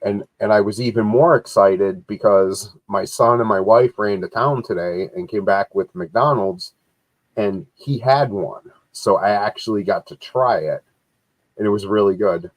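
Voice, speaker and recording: A man's voice: on the low side, unhurried, no echo, rough recording. A man co-hosting a casual live-stream chat, telling everyday stories in an easygoing way. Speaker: co-host.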